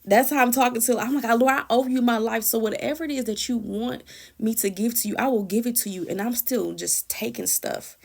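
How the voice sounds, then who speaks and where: A woman's voice: fairly high pitch, brisk, vocal fry, husky. A woman sharing a personal prayer testimony in an earnest, emotional, conversational way, often repeating and restarting phrases.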